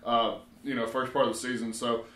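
A man co-hosting a local sports show, breaking down high school football with lots of filler words. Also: level tone, brisk, fairly bright tone. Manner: rambling, many "you know" fillers. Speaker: sports reporter co-host. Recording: roomy echo.

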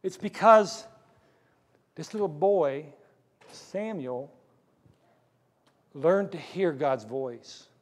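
A man's voice: on the high side, animated, extremely slow, pauses often, long reverb tail. A man preaching a sermon as pastor, retelling a Bible story with acted-out lines of dialogue.

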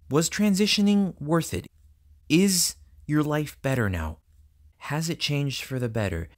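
A woman in her twenties with a lower voice recording a personal, halting message to her future self, full of repeats and restarts, with sarcastic asides, from a dark closed-off room. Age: 20s. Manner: halting, self-interrupting, thoughtful. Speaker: vlogger.

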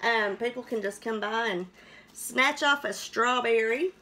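A woman's voice: on the high side, unhurried, sharp tone, a little hiss or hum, rough recording. A woman hosting a chatty live cooking stream, greeting viewers by name and laughing often in a folksy way.

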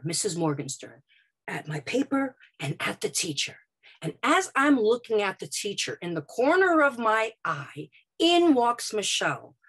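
A woman from Brooklyn telling a first-person story on stage, dramatic and vivid, moving between quiet and loud passages. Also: medium pitch, husky. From Brooklyn, United States.

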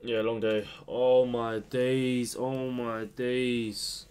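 A young man commentating his own football video game match, swinging between low muttering and sudden shouts. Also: drawn-out words, hardly any pauses, clean tone. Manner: excitable, swings from muttering to yelling. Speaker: gaming youtuber. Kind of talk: live gameplay commentary.

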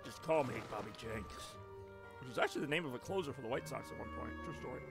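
A man's voice: medium pitch, animated, fast talker, creaky, over music. A man streaming a game live, rambling and joking as he chats with his viewers. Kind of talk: casual live stream gameplay commentary.

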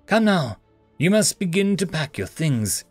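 A man's voice: on the high side, sing-song, measured pace, dry recording, faint music behind, voice pushed up. A man voicing a proud, scheming female alien podmother who talks in a haughty, hissing way. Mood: brisk.

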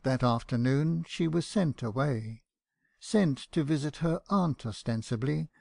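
A man narrating a classic novel for an audiobook in a measured first-person telling. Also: mid-range voice, gravelly, a little mellow, dry recording, clean studio sound. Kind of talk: scripted narration.

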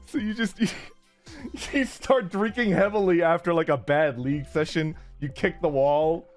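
A man's voice: a little high, a little slow, long pauses, faint music behind. A man chatting casually as a streamer, rambling with lots of fillers and frequent laughter. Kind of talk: casual chat.

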